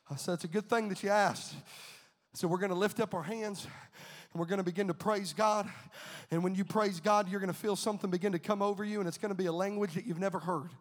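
A man's voice: high voice, long reverb tail. A man preaching a sermon as pastor, fervent, repeating his phrases and dropping many filler "uh"s.

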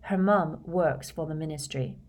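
A woman's voice: sits low, a little slow, a little mellow. A woman voicing a nervous, flustered teenage girl who stumbles and apologizes in a storybook reading. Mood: confiding.

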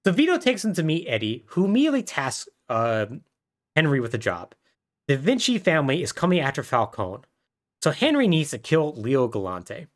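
This man co-hosts a podcast and walks through a story's plot casually, step by step. His delivery is lively, with a pitch that rises and dips a great deal, and he keeps performing the characters' lines in rapid little voices.

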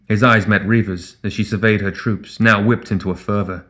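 A man reading a fantasy story aloud as narrator in a measured, even way. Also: fairly low pitch. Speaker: audiobook narrator. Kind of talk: scripted narration.

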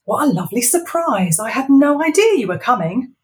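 A woman's voice: big pitch swings, brisk, a little mellow. A woman reading aloud and voicing a nervous, flustered man who stammers and tries to please. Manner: high, breathless, stammering.

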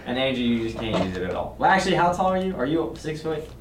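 A man's voice: mid-range voice, sing-song, quick pace. A young man co-hosting a podcast, laying down joking, mock-serious rules. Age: young adult. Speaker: podcast co-host. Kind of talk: casual podcast chat. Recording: roomy, distant mic with noise.

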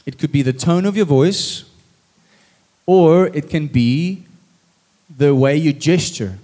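A man delivers a sermon with acted scripture on a church stage facing his congregation. He speaks slowly in a fairly high voice, bringing lively drama to the story and performing the lines himself.

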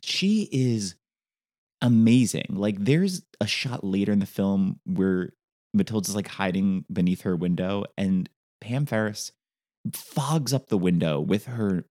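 Man, low voice, casual movie recap, enthusiastic, uh and like. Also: a little slow, dark tone. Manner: enthusiastic, laughing recaps with fillers. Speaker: podcast co-host.

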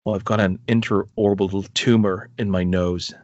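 A man voicing a middle-aged American man in a suit, reading film dialogue in a slow, weighty way. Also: on the low side, fairly even intonation, darkish tone, no room sound, dull audio, voice pushed down, lightly acted. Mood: earnest.

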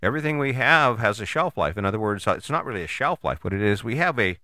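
A man giving a casual motivational talk, conversational and animated, with frequent rhetorical questions and the odd curse word. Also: lowish voice, fast, dry recording, clean studio sound. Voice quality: casual, swears freely. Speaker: motivational host. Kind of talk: motivational monologue.

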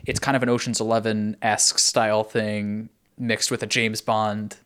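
Low-voiced man in animated chat. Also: normal speed, clear, resonant tone. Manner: animated, filler-heavy. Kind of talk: casual chat.

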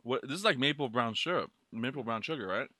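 A man's voice: medium pitch, expressive, quick pace, bright, forceful tone, dry recording. A young man co-hosting a casual snack taste-test vlog, loose and profane, with mumbled asides. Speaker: vlog co-host.

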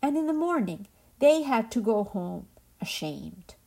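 Host reading a folk tale, slow woman, voice set a bit high. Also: creaky. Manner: slow, gentle, and expressive. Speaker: podcast host and storyteller. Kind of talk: storytelling.

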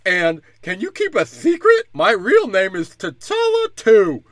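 Guy doing a squeaky lisping kid voice, high falsetto parody, bright dry sound. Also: wildly swooping pitch, slow pace, no room sound, full character voice. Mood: mocking. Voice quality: lisp. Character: lisping young boy, mocked, high and squeaky.

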